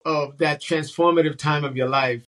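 A man's voice: on the high side, steady tone, normal speed, fairly bright tone. A man hosting a casual interview, asking questions in a rambling, hesitant way with many fillers. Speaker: interview host.

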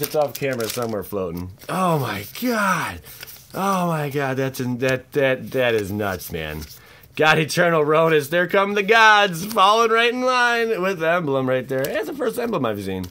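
A man hosting a card-opening video, narrating each pull with loud exclamations and low, awed mutters. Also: moderate pace, slight background noise. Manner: exclamatory, swings between shouted excitement and low awed mutters. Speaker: channel host opening card packs. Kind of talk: excited card-opening vlog commentary.

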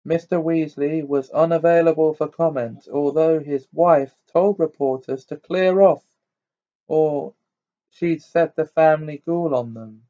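A man's voice: a little high, steady tone, measured pace, warm tone, dull audio. A man reading a novel aloud carefully, sometimes stopping to correct his own words. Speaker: reader.

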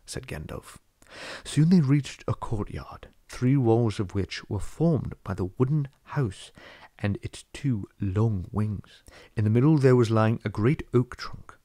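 A man reading a classic fantasy novel aloud as an audiobook narrator, telling the story in a steady, read-aloud way. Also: lowish voice, dry recording, clean studio sound. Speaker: audiobook reader. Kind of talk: scripted narration.

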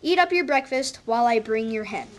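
A woman's voice: fairly high pitch, expressive, a little fast, close to an everyday voice. A woman playing a giant's urgent, kindly wife.

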